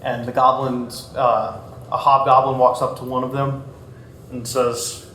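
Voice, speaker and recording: A man's voice: medium pitch, flat delivery, measured pace, pushed and bright, slight background noise. A man running a tabletop game in casual, filler-heavy narration. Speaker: game master. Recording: roomy echo, faint music.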